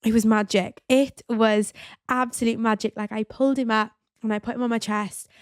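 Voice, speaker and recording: A woman, telling a personal story in a chatty, animated way with lots of "like" and "you know". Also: on the high side, moderate pace, dry recording, studio quality. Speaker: podcast host. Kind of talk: casual storytelling monologue.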